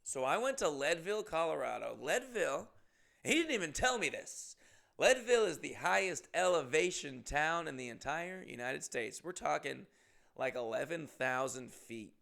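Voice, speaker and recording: A young man, a comedian, telling a profane, animated tour story in a casual monologue, with loud bursts of emphasis. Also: a little high, normal speed, gravelly.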